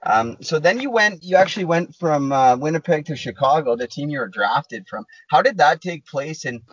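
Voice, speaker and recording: A man asks relaxed questions with plenty of fillers, guiding an interview. His voice sounds dry and close, with a dull lo-fi tone. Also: on the high side, normal speed, no echo. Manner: easygoing, hedging questions with fillers. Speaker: podcast host.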